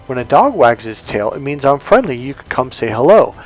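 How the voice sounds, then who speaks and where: A man's voice: medium pitch, very animated, a little fast. Emphatic man telling a story. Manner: emphatic, repeats key words. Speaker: dating coach. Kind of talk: casual storytelling monologue.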